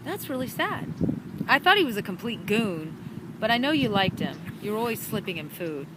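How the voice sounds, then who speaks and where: A woman's voice: medium pitch, sing-song, moderate pace, natural voice. A woman voicing a friendly, easygoing young male rat in a storybook reading, recorded outdoors in a park. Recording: outdoor park with traffic noise.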